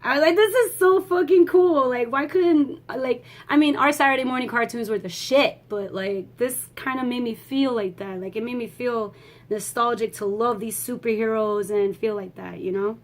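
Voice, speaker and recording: A young woman giving a rambling, excitable movie review, swearing freely and talking in a casual way. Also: a little high, normal speed.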